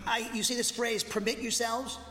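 A man in his sixties from Massachusetts with a Boston accent, teaching a Bible lesson as a pastor in a conversational, animated way, full of restarts and asides. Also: extremely high pitch, moderate pace, long reverb tail, a little hiss or hum. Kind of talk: expository sermon lesson. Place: church sanctuary.

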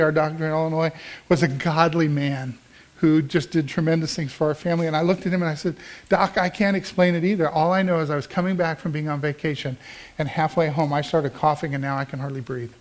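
A man's voice: a little high, steady tone, fast talker. A middle-aged male pastor preaching a sermon in a conversational, storytelling way, acting out the dialogue he quotes. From American Midwest.

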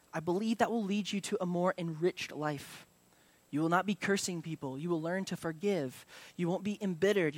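A young adult male pastor, his voice on the high side, preaches a sermon in a casual, conversational manner. His speech is full of fillers and restarts.

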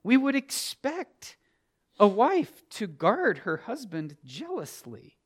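A middle-aged man preaching a sermon as a pastor, moving from quiet storytelling to loud, emphatic preaching. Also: high voice, wildly swooping pitch, takes it slowly.

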